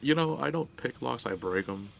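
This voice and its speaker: A man voicing a gruff male adventurer who breaks locks instead of picking them, in a gravelly voice. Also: mid-range voice, lively intonation, normal speed, a loud crowd, poor audio.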